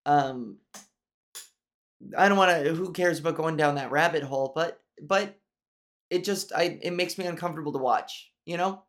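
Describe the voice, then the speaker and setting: A woman's voice: low voice, moderate pace, pauses often. A woman hosting a solo podcast, talking in a nasal voice, candid and profane, rambling with restarts. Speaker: podcast host.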